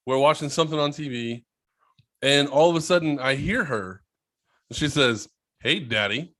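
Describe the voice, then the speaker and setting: A young man co-hosting a podcast, telling stories in a casual, animated way with some swearing. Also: fairly high pitch, moderate pace. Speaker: podcast co-host. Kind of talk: casual chat.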